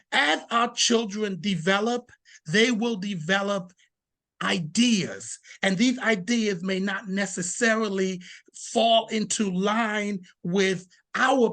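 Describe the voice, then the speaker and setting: A man presents to fathers with a bright, forceful voice. He stresses key points, repeats them for effect, and drifts into personal stories, now and then restarting a word. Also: sits high. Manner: emphatic, uses rhetorical questions and repeats key points; shifts into anecdotes, sometimes restarts words.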